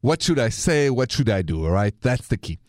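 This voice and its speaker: Earnest radio advice host, dry sound. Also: male voice, mid-range voice, very animated, a little fast, no echo. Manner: earnest, sprinkles French words. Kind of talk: late-night radio advice talk.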